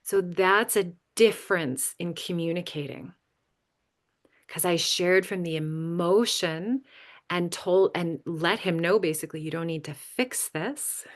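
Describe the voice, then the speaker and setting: A woman leading a boundaries workshop, telling a personal story and checking in with frequent "right?" questions. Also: low voice. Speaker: workshop leader. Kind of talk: teaching a live boundaries workshop.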